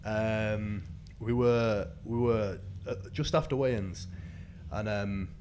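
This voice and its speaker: A man hosts a relaxed podcast conversation in a lowish voice. He rambles, restarts and drops casual swear words as he tells stories. A faint hum of room ambience sits behind him. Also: takes it slowly. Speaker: host.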